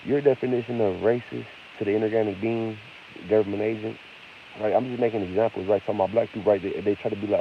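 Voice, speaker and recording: Gravelly low-voiced man ranting. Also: steady tone, fast. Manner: profane, rambling, combative. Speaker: vlogger. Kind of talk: unscripted rant to camera. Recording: hissy lo-fi home recording.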